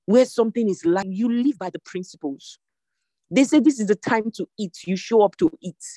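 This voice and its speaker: A devotion leader delivers a sermon online through a video call, emphatically repeating calls to action at a fairly quick pace. The middling-pitched voice is mellow, recorded dry without any room echo.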